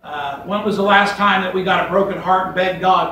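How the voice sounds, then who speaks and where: A man delivers an emphatic, folksy sermon, his voice sitting high and bright. He is picked up from a distance in a church sanctuary with heavy echo and a faint hiss underneath. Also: fairly quick, few pauses. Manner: folksy, emphatic preaching with scripture quotes. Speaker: pastor. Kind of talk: fiery sermon.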